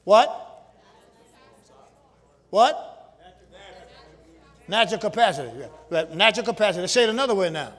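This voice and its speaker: High-pitched, bright-voiced preacher man. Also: expressive, moderate pace, pauses often. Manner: preaching with call-and-response, shouting at peaks. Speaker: pastor. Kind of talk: sermon. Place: church sanctuary with congregation.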